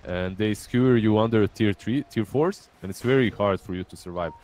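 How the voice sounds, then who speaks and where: A man's voice: fairly low pitch, normal speed, a little mellow. A man giving color commentary on an esports match, often stumbling and repeating words as he starts a thought. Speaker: esports analyst.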